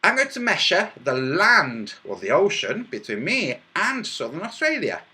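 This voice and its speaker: A man's voice: sits high, wildly swooping pitch, normal speed, few pauses, bright, forceful tone. A man hosting a livestream, demonstrating with his hands and head while explaining to viewers and mocking his critics from the chat. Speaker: livestream host.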